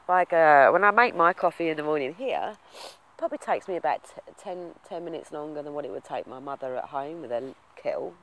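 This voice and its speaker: A man's voice: fairly high pitch, a bit bright, slight background noise, rough recording. Rambling man vlogging. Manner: rambling, self-confessed waffler, many fillers; reflective and earnest. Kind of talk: casual vlog monologue.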